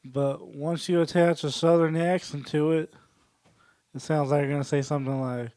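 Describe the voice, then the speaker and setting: A man doing a stand-up set, working the crowd with deadpan absurd jokes. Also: fairly high pitch, moderate pace, no echo. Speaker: stand-up comedian. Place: small comedy venue.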